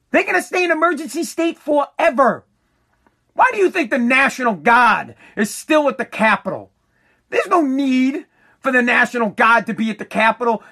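A man's voice: extremely high pitch, pushed and bright. A man who runs a contracting business, delivering a heated, profane political rant and hammering his points again and again. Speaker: working contractor.

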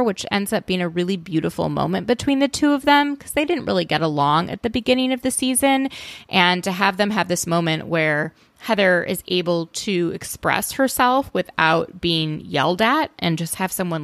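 A woman's voice: on the low side, vocal fry, a bit bright, no room sound. A woman hosting a solo recap podcast, chatty, opinionated and often exasperated. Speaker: podcast host.

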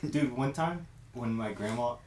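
A man telling an excited, rambling story to his podcast co-hosts. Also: mid-range voice, unhurried, recorded from a distance. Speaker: podcast co-host. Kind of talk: casual chat, storytelling. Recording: echoey room, off-mic.

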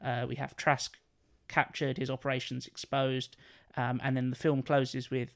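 A man co-hosting a podcast, explaining his film pitch in a rambling, hesitant way full of fillers. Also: level tone, normal speed, vocal fry. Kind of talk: casual chat.

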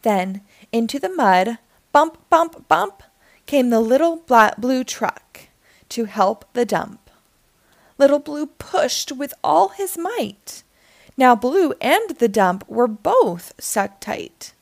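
A woman reading a children's picture book aloud in an expressive, sing-song storytelling manner. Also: on the high side, slow, no echo, clean studio sound.

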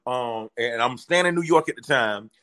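A comedian guest tells a story in casual conversation, his voice mid-range and his speed normal. He's animated and performs the voices of the people he quotes.

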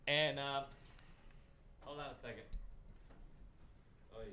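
A man hosting a casual stream, excitable and rambling, calling people "dude". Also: a little high, moderate pace. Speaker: host. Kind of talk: casual livestream chat.

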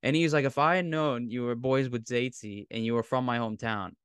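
A man's voice: mid-range voice, fairly even intonation, fairly quick, fairly bright tone, clean tone, no room sound. A man in his thirties with a Massachusetts accent, telling a long, rambling, profane story in casual podcast chat. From Massachusetts, South Shore. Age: 30s. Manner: rambling, profane, laughs often. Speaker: podcast co-host.

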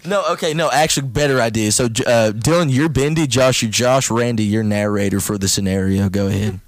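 A man's voice: mid-range voice, fairly quick, no room sound. A young man hosting a casual comedy podcast, joking and laughing often. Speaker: podcast host.

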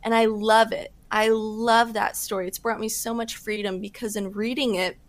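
A woman speaking as a podcast guest, giving earnest faith testimony in casual talk with quick bursts and fillers. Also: fairly high pitch, level tone, dry recording. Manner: earnest, fast-talking with fillers.

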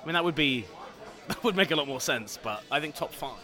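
A man's voice: on the high side, lively intonation, brisk, bright, forceful tone, faint music behind, some chatter behind. A man co-hosting a podcast from a bar, teasing his friends with laughing, mock-outraged banter. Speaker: podcast co-host. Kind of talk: casual banter.

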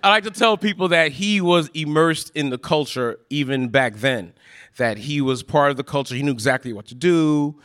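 Animated New man telling a story. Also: fairly high pitch, normal speed, clear, resonant tone. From Brooklyn, New York. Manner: rambling, animated storyteller who acts out quoted lines. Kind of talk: live storytelling on stage. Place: live show in a ballroom.

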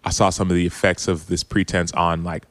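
Deep-voiced man telling a heartfelt story. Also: level tone, brisk, dry recording, clean studio sound. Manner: earnest, open, retelling quotes with frequent restarts. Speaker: podcast guest, former football player. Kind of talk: reflective storytelling.

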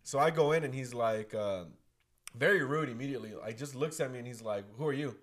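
A man, a guest on a podcast, telling a story in a relaxed, casual way. His voice is medium in pitch, and he acts out what other people said. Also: a little fast. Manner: storytelling, acts out quoted dialogue, swears. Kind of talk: casual chat.

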